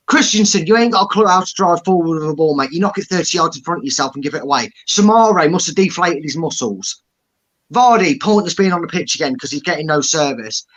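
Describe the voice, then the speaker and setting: Man, fairly high-pitched, angry blunt fan rant, sweary. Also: a bit bright. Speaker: football fan pundit.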